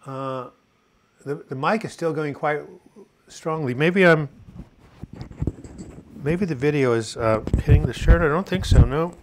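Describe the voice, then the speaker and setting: An American man in his sixties hosts a casual live video chat about mental health, reading out viewer comments and cracking corny jokes and puns. His voice sits on the high side, and he talks a little slowly with frequent pauses. There's background noise.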